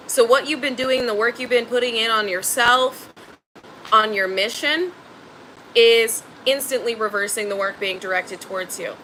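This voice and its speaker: Woman tarot reader, bright high voice, blunt and slangy, faint noise behind. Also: poor audio. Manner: emphatic, blunt and slangy, swears freely. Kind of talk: spiritual tarot reading.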